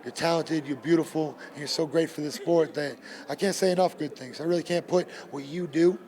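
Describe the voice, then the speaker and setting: A man's voice: on the high side, a little fast, a little mellow. A man, a bare knuckle fighter, talking emphatically in a post-fight interview and repeating his points. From Gloucester, Massachusetts.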